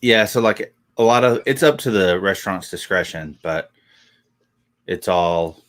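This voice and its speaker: A man's voice: sits low, measured pace, a bit bright. A man in Tennessee co-hosting a casual livestream, laid-back and dry-humored. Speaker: co-host.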